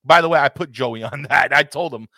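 A man's voice: medium pitch, fairly quick, pushed and bright, no echo, studio quality. A man hosting a casual football talk show, ranting passionately and swearing freely. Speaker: podcast host.

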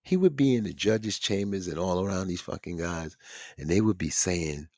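Male podcast host, loose profane ranter, very lively delivery, dead-dry room. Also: low voice, normal speed, no room sound. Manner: animated, swearing, ranting. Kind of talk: casual profane commentary.

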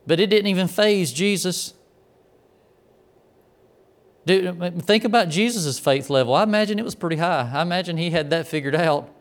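男性牧師の説教、澄んだやや高めの声. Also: male voice, high-pitched, fairly quick. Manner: acts out quoted lines, shifting between loud commands and quiet asides. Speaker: pastor. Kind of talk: sermon storytelling.

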